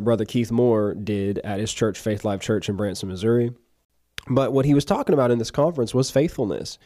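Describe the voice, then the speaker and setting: Guy with a lowish warm voice doing a chatty faith podcast, rambles and restarts a lot, dry sound. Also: dry recording. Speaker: podcast host. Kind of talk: casual faith-based podcast monologue.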